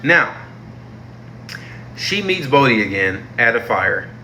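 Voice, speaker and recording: Bright-voiced young man ranting in slang. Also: mid-range voice, sing-song, slow, a little hiss or hum. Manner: heated, slangy and exasperated, repeating himself for emphasis. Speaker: TV show reviewer. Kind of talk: casual ranting review.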